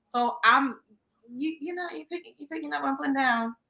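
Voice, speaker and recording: Young female host, bright tone, lively and loose, swears freely, laughs a lot. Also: sits high, fairly quick, poor audio. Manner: animated, laughs often, swears casually. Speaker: podcast host. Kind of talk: casual chat.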